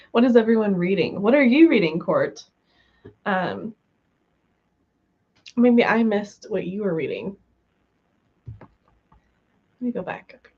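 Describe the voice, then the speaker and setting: A woman's voice: medium pitch, sing-song, takes it slowly, pauses often, breathy edge. Chatty woman on a lo-fi livestream. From West Coast of the US. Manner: chatty, giggly, lots of fillers. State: recovering from being sick. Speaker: livestream host. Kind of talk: casual livestream chat.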